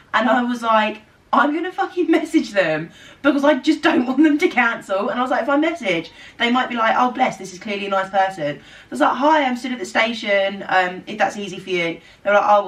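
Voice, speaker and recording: A woman's voice: medium pitch, distant mic. Chatty young Englishwoman, sweary storyteller. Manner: animated, swears freely, acts out dialogue. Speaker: vlogger. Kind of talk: casual storytime chat.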